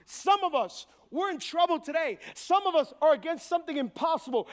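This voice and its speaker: A man pastor preaching a sermon, building to loud repeated refrains and acting out quick quoted voices. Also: extremely high pitch, expressive. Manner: preaching with rising volume, repeated call-and-response phrases.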